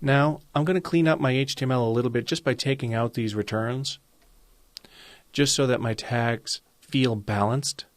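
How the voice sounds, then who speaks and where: Speaking at medium pitch and a moderate pace, a man leads a screen-recorded coding tutorial on web design. He explains each step calmly and methodically, and the recording is dry.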